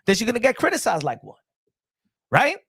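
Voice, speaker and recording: A man hosting a boxing channel, giving casual, animated commentary in slangy street talk and repeating phrases for emphasis. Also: high-pitched, brisk, gravelly, slightly rough, no room sound.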